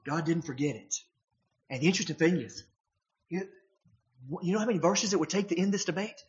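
A male preacher delivering a sermon in an emphatic manner, often turning his points into rhetorical questions. His voice sits a little high for a man. The recording is dull and lo-fi. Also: fairly quick.

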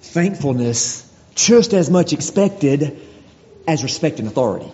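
A man's voice: fairly high pitch, animated, measured pace, mellow. Preacher man in a reverberant hall. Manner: rhetorical questions, emphatic repetition. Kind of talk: sermon. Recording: dull lo-fi audio with long reverb.

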